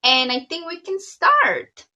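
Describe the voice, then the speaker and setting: A woman co-hosting a podcast with her partner in relaxed casual chat, often pausing on "um". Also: very high voice, rough recording. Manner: relaxed, with frequent "um" fillers. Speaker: podcast co-host.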